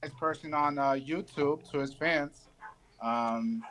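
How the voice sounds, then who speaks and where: A man calling in to a livestream and speaking bluntly, with frequent hesitations. His voice sits a little higher than most men's. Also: slow, a bit bright, slight background noise. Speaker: caller. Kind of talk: casual call-in chat.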